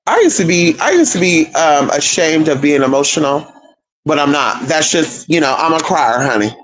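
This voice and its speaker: A man's voice: a little high, big pitch swings, moderate pace, poor audio. A young man telling a family story to viewers in a casual, profane, sassy way, calling listeners girl and honey. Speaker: spiritual content creator.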